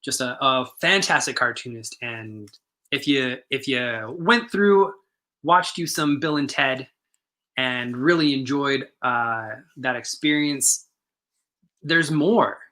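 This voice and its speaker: A man's voice: medium pitch, slow pace, pushed and bright. A man co-hosting a comic shop stream, chatting enthusiastically with lots of fillers and restarts. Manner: enthusiastic, rambling with many fillers. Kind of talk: casual chat.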